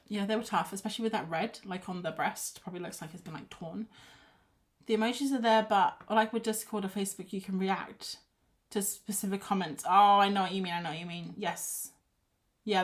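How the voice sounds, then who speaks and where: A woman chatting casually to her viewers while painting at her home art desk, rambling and restarting her sentences often. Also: mid-range voice. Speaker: art livestreamer.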